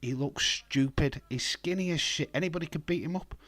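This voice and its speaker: Blunt, hoarse man on a live stream. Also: on the high side, fairly quick, fairly bright tone. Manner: blunt, rambling, profane, reads chat aloud. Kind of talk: casual live-stream chat.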